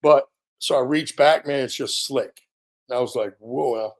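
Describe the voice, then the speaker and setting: An American man in his fifties, a veteran guest on an interview, telling a story in a casual, animated way and filling pauses with ums and you-knows. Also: medium pitch. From United States. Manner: animated storyteller, acts out quoted dialogue, frequent fillers.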